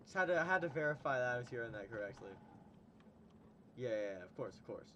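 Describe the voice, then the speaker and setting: A young man with a medium-pitched voice hosts a casual livestream, talking fast in a bright, forceful, animated way. He chats with a guest, laughs often and retells stories, with slight background noise present.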